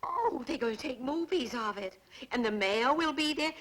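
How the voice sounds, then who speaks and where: An actress playing a patient, affectionate wife in a 1960s sitcom, softly amused. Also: female voice, high voice, expressive, normal speed. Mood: fond. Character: gentle, patient wife of the neighbor.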